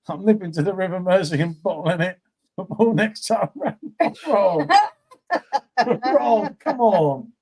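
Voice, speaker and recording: A man's voice: high-pitched, slow pace, darkish tone, slightly rough. A man, a guest on a live beer stream, pleading and laughing sheepishly with a friend. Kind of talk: casual banter on a live stream.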